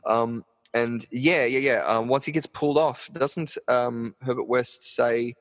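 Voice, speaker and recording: A man's voice: medium pitch, steady tone, measured pace, in a large hall. A man co-hosting a podcast, rambling casually about a horror film with many fillers. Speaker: podcast co-host.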